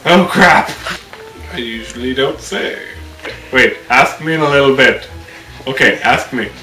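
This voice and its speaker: A young man with a bright, pointed voice who takes his time, then blurts things out playfully. His slightly high voice bounces around an echoey room. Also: measured pace, soft background music. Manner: playful, exclamatory. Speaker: panel member. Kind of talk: casual opinion chat. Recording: roomy room sound.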